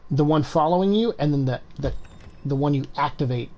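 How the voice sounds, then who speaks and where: A man's voice: a little high, brisk, highs cut off, slight background noise. A man giving casual, chatty let's-play commentary as he plays, swearing and laughing along. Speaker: gameplay commentator.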